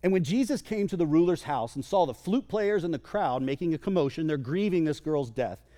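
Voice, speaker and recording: Lively preacher man in a big reverberant hall. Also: a little high, brisk. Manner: lively, conversational, jokes with the congregation. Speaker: pastor. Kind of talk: sermon. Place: church sanctuary. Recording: long reverb of a large hall.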